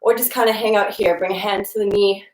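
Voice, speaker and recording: A young woman guides a live-streamed yoga class while moving along with it, her mid-pitched voice casual and encouraging. She sounds a little out of breath at times. The room around her is noticeably echoey. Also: fairly even intonation, fast. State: slightly out of breath. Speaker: yoga instructor.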